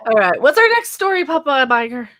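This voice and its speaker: Woman co-host, quick teasing retorts, somewhat high pitch. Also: very animated, a bit bright, slight background noise. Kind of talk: casual comedic banter.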